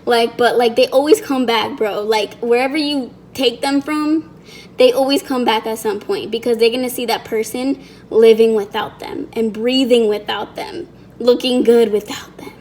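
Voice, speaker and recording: A woman's voice: a little high, steady tone, moderate pace, darkish tone. A young woman vlogger telling a personal story in a chatty way, acting out the quoted lines in other voices. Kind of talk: storytime vlog.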